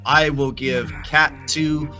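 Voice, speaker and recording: A man's voice: fairly high pitch, fairly even intonation, slow, bright, forceful tone, soft background music. A man hosting a live-streamed trivia game show, playful and teasing with his contestants.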